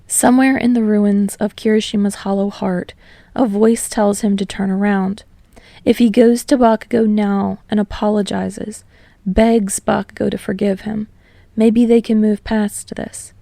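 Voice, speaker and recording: A woman reads fan fiction aloud in a steady narration that slows on emotional passages. Her voice is mellow with a slight gravelly edge. The recording is dry and close. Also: mid-range voice, no room sound. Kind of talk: audiobook narration.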